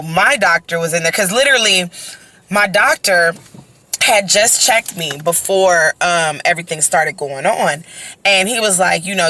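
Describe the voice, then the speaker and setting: A young woman telling her birth story in a casual, animated way, full of "you know" and "right?", talking into her phone while out on a walk. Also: sits low. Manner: animated, conversational, heavy use of fillers like "you know" and "right?". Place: outdoors, on a walk.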